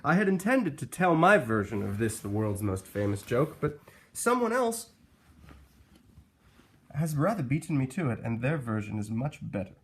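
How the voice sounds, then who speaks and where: A man's voice: medium pitch, sing-song, normal speed. A man hosting a video, giving casual, dryly amused commentary. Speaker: video host.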